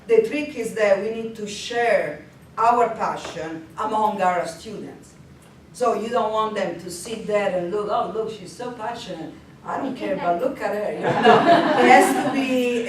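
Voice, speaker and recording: A woman language instructor giving a workshop presentation to colleagues, lively, often laughing, with frequent hesitations. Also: medium pitch. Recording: very echoey, distant, faint noise.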